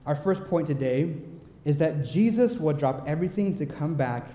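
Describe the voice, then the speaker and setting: A young man preaching a sermon in a church, telling personal stories in a playful, animated way with quick asides. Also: fairly high pitch. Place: church sanctuary. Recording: echoey church hall.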